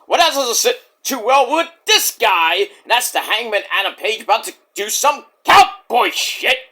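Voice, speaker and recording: A man's voice: very high voice, big pitch swings, normal speed, sharp tone. A man recapping a wrestling show in a casual, jokey way, with mocking asides.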